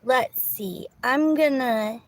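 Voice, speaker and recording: A woman's voice: sits high, takes it slowly, a little hiss or hum, poor audio. A woman telling a rambling story to her viewers from her car, often restarting her sentences and sometimes dropping to a whisper. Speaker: vlogger. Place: car in a parking lot.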